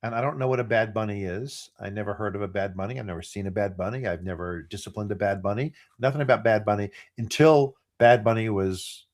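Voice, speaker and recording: A man in his fifties from New York City, co-hosting a podcast chat, telling rambling, animated stories and acting out the voices. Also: fairly low pitch, quick pace, hardly any pauses. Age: 50s. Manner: animated, rambling storyteller who acts out voices. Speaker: podcast co-host. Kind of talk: casual chat.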